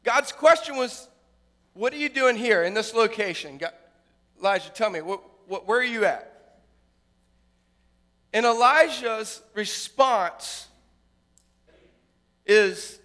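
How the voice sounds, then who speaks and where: Man, pastor, sermon, high voice, dramatic swells and hushes, reverberant church hall. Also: expressive, takes it slowly, long pauses. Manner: dramatic preaching, building loud then dropping to a hush.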